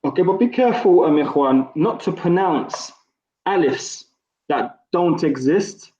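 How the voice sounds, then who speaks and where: A man's voice: a little high, animated, unhurried, warm tone. A man teaching an Arabic class online, patiently correcting his students and encouraging them. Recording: roomy, dull lo-fi sound.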